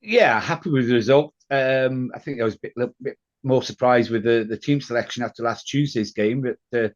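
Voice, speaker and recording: A man's voice: medium pitch, fairly quick, lo-fi sound. A man co-hosting a casual football podcast, hesitant and chuckling, with many fillers. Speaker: podcast co-host.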